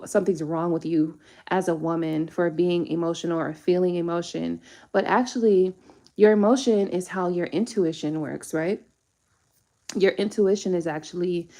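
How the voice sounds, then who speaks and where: A young woman chats casually on a live tarot stream. She sounds candid and slangy and swears freely. Her voice sits fairly low for a woman. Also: warm tone. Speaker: tarot reader.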